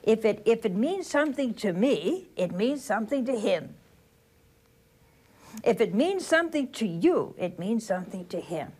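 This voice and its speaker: A woman's voice: on the high side, sing-song, darkish tone, breathy edge. An older woman, a religious sister, giving a homely sermon, telling stories and asking the listeners questions. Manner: slow storytelling with rhetorical questions to the listeners.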